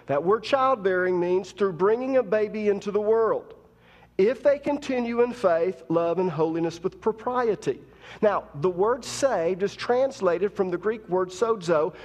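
A man's voice: sits high, a little mellow, long reverb tail. A man preaching a sermon as pastor, talking conversationally while teaching and rising to emphatic preaching. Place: church.

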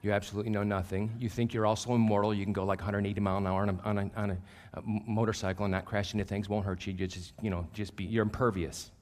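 A man in his fifties, a pastor, preaching a sermon through animated, self-deprecating personal stories that get loud at the punchlines. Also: lowish voice, quick pace, few pauses. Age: 50s.

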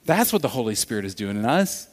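A man preaching a sermon, telling stories in an animated way that swings from loud to hushed. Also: mid-range voice, fast. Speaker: pastor. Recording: long reverb of a large hall.

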